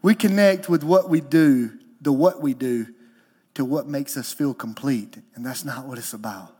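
This man, a lead pastor, delivers an emotional, animated sermon that swings from quiet, low tones up to loud, high ones. His pace is normal and his voice carries a breathy edge.

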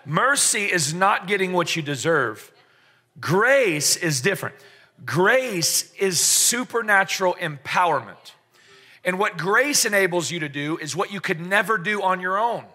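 A man's voice: high-pitched, lively intonation, measured pace, bright, forceful tone. A man preaching a sermon to a congregation, telling stories with joking asides and call-and-response. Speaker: pastor. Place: church service in front of a congregation.

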